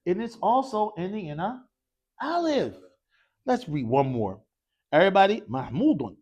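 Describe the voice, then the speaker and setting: A man's voice: high voice, very animated, moderate pace, darkish tone. A man teaching an Arabic class in a mosque classroom, leading call-and-response drills and quizzing students with casual, encouraging prompts.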